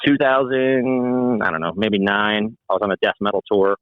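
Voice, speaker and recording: A man from New Jersey and New York City, a guest musician telling animated stories in casual chat and swearing freely. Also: lowish voice, normal speed, clean tone, no room sound, phone-quality sound. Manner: animated storyteller, acts out quoted voices, swears freely.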